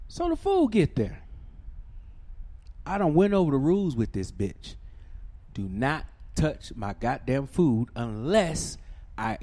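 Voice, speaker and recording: A man telling a profane, ranting story, swinging from shouting to low muttering. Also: wildly swooping pitch, slow, pauses often.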